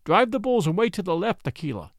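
A man voicing a young boy raised by wolves, urgent and quick to give orders in an audiobook story. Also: high-pitched, sing-song, creaky, no echo, clean studio sound, full character voice.

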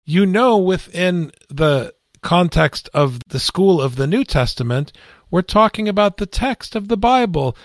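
Priest, male, slow deliberate teaching voice, slightly higher pitched, dry close sound. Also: dry recording. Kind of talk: Bible study discussion.

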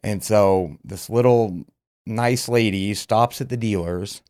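A man's voice: on the low side, slow pace, darkish tone, no room sound, studio quality. A man from Utah, a podcast guest, telling his story frankly with lots of filler words. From Utah, USA. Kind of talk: candid personal storytelling.

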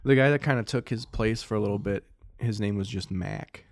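A man on a podcast sharing stories in casual banter, halting now and then. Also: fairly low pitch, creaky. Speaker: podcast co-host.

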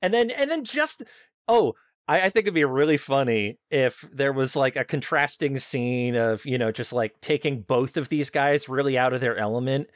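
A man's voice: mid-range voice, animated, moderate pace, no echo, clean studio sound. A man co-hosting a casual comedy podcast, playful and riffing on ideas. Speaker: podcast co-host.

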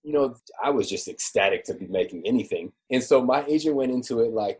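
A man in his forties, a former football player, telling stories in a relaxed, chatty way with many fillers. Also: mid-range voice, fast talker, hardly any pauses, breathy edge. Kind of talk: casual storytelling interview.

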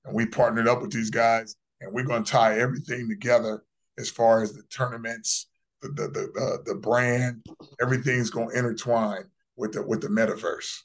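A man in his fifties talks in a brash, boastful way as a podcast guest, hammering his points home. His voice sits at an ordinary middle pitch for a man. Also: level tone, moderate pace. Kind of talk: casual interview talk.

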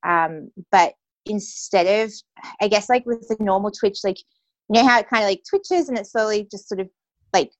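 A young adult woman, appearing as an interview guest, tells a personal story in a medium-pitched voice at a moderate pace. She's casual and leans heavily on "like" and "you know," and the recording is dry.

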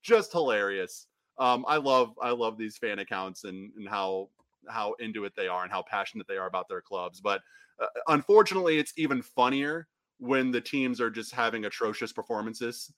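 A man co-hosting a soccer podcast, rambling in a casual chat with frequent restarts and quick laughs. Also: on the low side, lively intonation, fairly bright tone, dry recording. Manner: rambling, restarts often, laughs between phrases. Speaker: podcast co-host.

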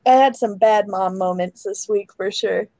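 A woman's voice: mid-range voice, normal speed, dark tone, no echo, rough recording. A mother chatting casually on a talk show, easygoing with hesitant ums. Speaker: co-host, a mother. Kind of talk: casual chat.

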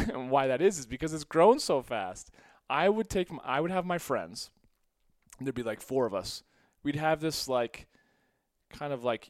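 Recounting a personal story in a relaxed way, this podcast host quotes his past self and laughs a lot while his volume rises and falls. His mid-range voice is clear and resonant, captured in clean studio sound without room reverb.

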